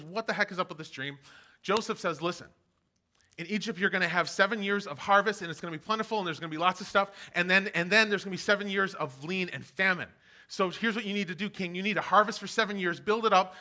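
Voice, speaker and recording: High, bright-voiced man preaching casually. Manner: chatty, animated storytelling with playful quoted voices. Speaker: pastor. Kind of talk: casual sermon retelling a Bible story. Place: church stage for an online service.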